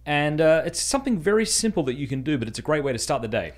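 A man's voice: fairly high pitch, very animated, fast. Earnest man casually teaching a prayer. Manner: earnest and conversational, easily amused. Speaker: podcast host teaching a prayer. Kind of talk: casual spoken instruction.

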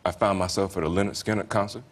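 A man's voice: low-pitched, little pitch movement, fast talker. A man in his forties from Georgia with a Southern US accent, telling wry stories as a talk-show guest, with plenty of fillers. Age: 40s. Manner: laid-back, wry, often laughing, many fillers. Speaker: comedian guest. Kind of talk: anecdotal talk-show storytelling.

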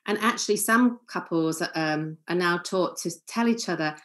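Calm lecturing woman, low-toned. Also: moderate pace. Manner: calm, earnest, acts out short example lines. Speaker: family therapist giving a seminar talk. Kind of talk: seminar lecture.

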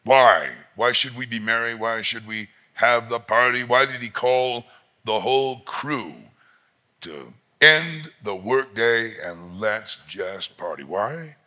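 A man preaching a sermon as pastor, expressive and emphatic, rising to loud peaks. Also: medium pitch, slow.

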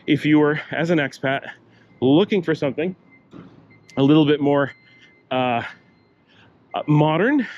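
A man's voice: on the high side, a little mellow, muffled recording. An older man narrating a walking tour outdoors in a chatty, rambling way, breathing a little hard with a slight cough. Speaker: travel vlogger. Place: city streets outdoors, walking.

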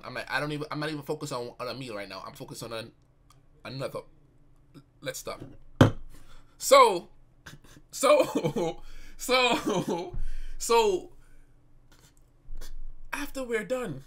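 A man's voice: fairly high pitch, moderate pace, pauses often, fairly bright tone. A young man streamer telling a story in casual slang, often bursting into laughter. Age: young adult. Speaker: live streamer.

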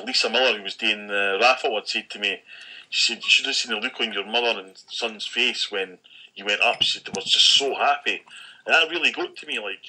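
A Scottish man co-hosting a podcast, casually recounting an event with lively acted-out quotes and frequent swearing. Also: fairly low pitch, rough recording. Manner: animated storyteller acting out quoted dialogue, frequent swearing. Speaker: podcast co-host. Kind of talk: casual chat, storytelling.

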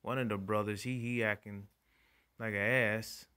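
A young man doing profane, animated stand-up storytelling and acting out voices. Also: fairly low pitch, moderate pace, smooth. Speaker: stand-up comedian.

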